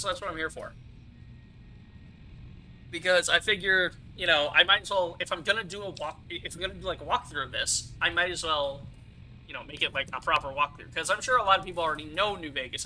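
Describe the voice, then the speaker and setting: A young male gaming streamer gives casual let's-play commentary on his video game, his voice fairly high and sharp in a rough recording. He chats away, explaining the mechanics with lots of fillers and asides.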